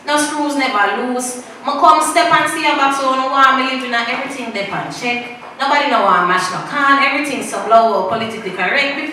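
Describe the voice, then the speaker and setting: A woman with a Jamaican Patois accent performs spoken-word poetry at an open mic, theatrical and swinging between loud bursts and hushed asides, slowing right down to stress her lines. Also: sits high. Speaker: performance poet. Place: open-mic stage in an echoing room. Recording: very echoey room, distant mic, faint noise.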